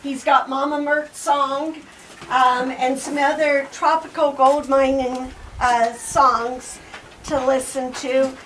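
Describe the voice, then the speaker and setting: Woman, high, slow, flat-toned, announcing a demo, distant mic, faint noise.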